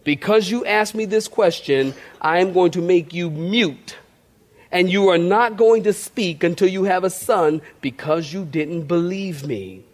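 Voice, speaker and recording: Indignant angel, high and emphatic, put on by a man preaching. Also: measured pace. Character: stern male angel messenger, indignant.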